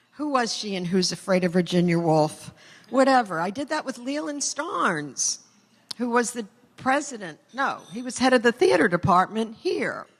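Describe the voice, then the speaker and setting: An older woman giving a chatty acceptance speech full of stories and self-deprecating asides, in a large hall. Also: medium pitch. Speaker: award recipient. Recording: long hall reverb.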